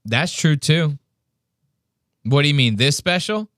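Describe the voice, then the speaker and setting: A man's voice: a little high, a little slow, no room sound, clean studio sound. A man hosting a podcast in casual chat, swearing often and mimicking people as he tells stories. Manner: profane, animated, mimics people mid-story. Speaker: podcast host.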